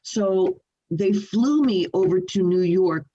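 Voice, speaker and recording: An older woman, a singer and interview guest, telling animated stories from her home over a video call, laughing often and restarting her sentences. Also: lowish voice, takes it slowly, muffled recording. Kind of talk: storytelling in a remote interview.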